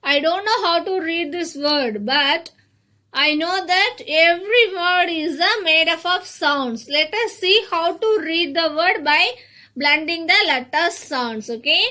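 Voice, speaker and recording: A woman teaching an online phonics class to young children, sounding words out slowly, repeating each one and calling the children "my dear children". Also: very high-pitched. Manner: addresses children warmly as "my dear children".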